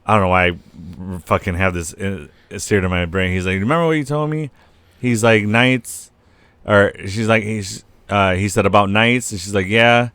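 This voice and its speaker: A man's voice: fairly low pitch, normal speed, clear, resonant tone, no room sound. A young man co-hosting a casual podcast, recapping scenes with lots of swearing and acted-out quotes. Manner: animated, swears a lot, acts out scenes. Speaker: podcast co-host. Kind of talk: casual chat.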